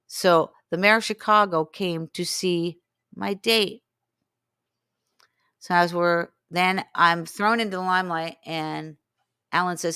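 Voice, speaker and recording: A woman's voice: lowish voice, normal speed, clear, resonant tone, dry recording, studio quality. A woman in her sixties, a guest in an interview, telling a long story and acting out what people said to her. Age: 60s. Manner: animated, acts out quoted dialogue. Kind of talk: storytelling in conversation.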